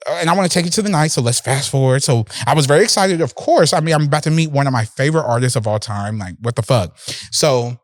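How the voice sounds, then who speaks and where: A male podcast host telling a personal story in a casual, animated way, swearing freely and laughing often. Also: mid-range voice, fast, no echo, clean studio sound.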